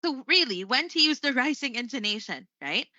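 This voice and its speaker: A woman's voice: high-pitched, sing-song, normal speed, pushed and bright, no room sound. Filipino lady teaching english online, chatty, keeps saying right?, dry muffled mic. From Philippines. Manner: chatty, says "right?" after most points. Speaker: English lesson host. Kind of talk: live-streamed English lesson.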